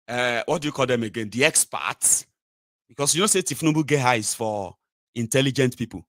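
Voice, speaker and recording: A man's voice: medium pitch, lively intonation, moderate pace, no room sound, clean studio sound. A man with a Nigerian accent hosting a sarcastic, opinionated political monologue. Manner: sarcastic, mocking, rhetorical. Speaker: political commentary host.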